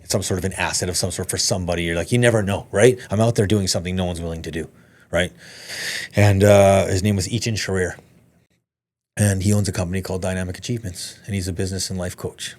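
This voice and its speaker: A man with a deep, low voice tells his story at a rapid clip. He is a podcast guest in casual conversation, animated and loose with his swearing, jumping into the voices of the people he quotes. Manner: animated, swears freely, acts out quoted dialogue.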